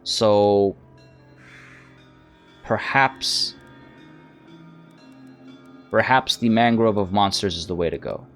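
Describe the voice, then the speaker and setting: A man's voice: fairly low pitch, slow pace, pauses often, a bit bright, soft background music. Man musing through a strategy game. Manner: thinks aloud, hesitant and musing. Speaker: let's play host. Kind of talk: gameplay commentary.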